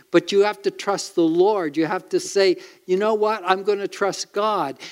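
A male pastor delivers a sermon with earnest emphasis, his voice sitting a little high for a man. He relies on dramatic pauses to drive his points home.

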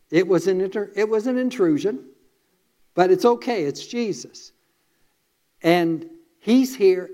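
A man's voice: sits high, darkish tone, lo-fi sound. A man preaching a sermon, retelling a story in a conversational way with asides to listeners.

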